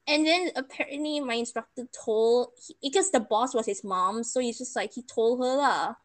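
A woman's voice: on the high side, expressive, moderate pace, few pauses, a bit bright. A young woman, chatting casually and emotionally retelling a bad experience. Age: young adult. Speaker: storyteller. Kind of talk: casual chat.

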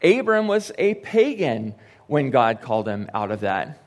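A man's voice: mid-range voice, big pitch swings, a little slow. A young man preaching a sermon in a church, speaking in a conversational way with joking asides and quoted lines acted out. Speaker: pastor. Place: church sanctuary.

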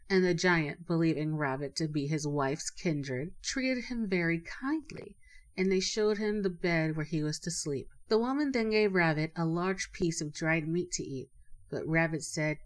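Low-voiced woman storyteller. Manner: measured, expressive. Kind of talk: storybook narration.

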